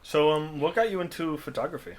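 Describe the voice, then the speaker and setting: A man's voice: a little high, a little fast. A man hosting a podcast, telling stories at ease and asking curious questions. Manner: relaxed storyteller, curious questions. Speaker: podcast host. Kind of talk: casual podcast chat.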